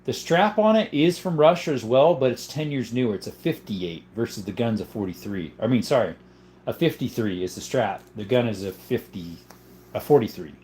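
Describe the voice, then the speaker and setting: A man's voice: medium pitch, expressive, moderate pace, darkish tone, slight background noise. A young adult man hosting a casual livestream, reading viewer comments aloud and answering them in a loose, conversational way. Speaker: livestream host.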